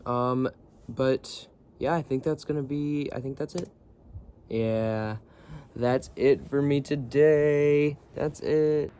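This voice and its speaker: A man's voice: mid-range voice, a little slow, warm tone, slight background noise. A young man vlogging from his bunk, rambling in a laid-back, slangy way. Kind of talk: casual rambling chat. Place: bunk bed area indoors.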